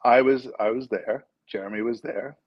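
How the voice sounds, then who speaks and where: A man's voice: medium pitch, fairly even intonation, normal speed, no room sound, highs cut off. A middle-aged man calling in as a guest, joking and laughing as he tells a story. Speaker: guest caller. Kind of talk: casual chat on a video call.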